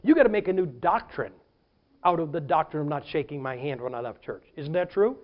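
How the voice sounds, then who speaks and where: A man's voice: a little high, a little fast, dull audio. A man preaching a sermon as a pastor, telling stories and acting out what people said. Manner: animated storytelling preacher, acts out quotes.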